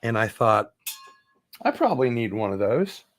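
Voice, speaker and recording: A man chatting casually as he unboxes packages on his channel, relaxed and rambling, with offhand asides. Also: mid-range voice, moderate pace. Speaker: vlogger doing unboxings.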